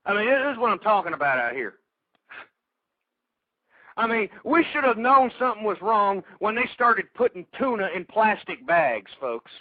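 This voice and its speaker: A high, very animated male voice at normal speed, pausing often, comes through a dry, tinny recording like phone-line radio. The man hosts a call-in talk radio show and angrily rants about politics, insulting his listeners and stammering through restarts.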